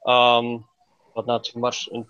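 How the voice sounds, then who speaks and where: A man's voice: mid-range voice, completely flat delivery, slow, fairly bright tone, clear, resonant tone, dry recording. Guy on a collectors podcast, kinda hesitant, lots of ums, muffled dry mic. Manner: thoughtful, hesitant with many fillers. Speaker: podcast panelist. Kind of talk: casual chat. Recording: dull dry sound.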